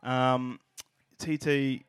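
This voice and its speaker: A man's voice: mid-range voice, little pitch movement, extremely slow, clean tone, no echo. A man with an Australian accent co-hosting a casual sports podcast, full of crude, swearing banter. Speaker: podcast co-host. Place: small room at a table.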